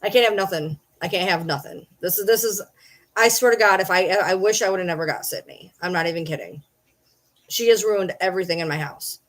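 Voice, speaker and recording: Casting note: woman with a slightly low voice, exasperated home vlogger venting to camera, swears a lot, repeats lines. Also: a little fast. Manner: frustrated, swearing, repeats herself. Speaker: vlogger and livestreamer. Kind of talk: casual rant to camera.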